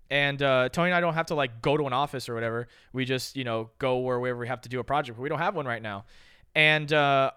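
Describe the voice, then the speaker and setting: A young man telling a story on a podcast, casual and animated, with loose slang and swearing. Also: on the high side, clean tone, no echo, clean studio sound. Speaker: podcast co-host.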